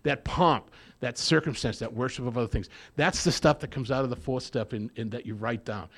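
A man's voice: mid-range voice, brisk. Man telling his story to a group. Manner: storytelling with acted-out quotes; plain-spoken, repeats phrases for emphasis. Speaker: recovery meeting speaker. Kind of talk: personal testimony to a group.

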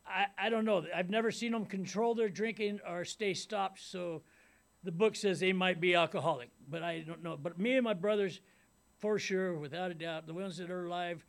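A man's voice: sits high, steady tone, normal speed, creaky. A middle-aged man speaking at a recovery meeting, talking in a rambling, casual way and often tagging on "man" and "you know what I mean.". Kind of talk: personal recovery talk to a meeting. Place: meeting room before a live audience.

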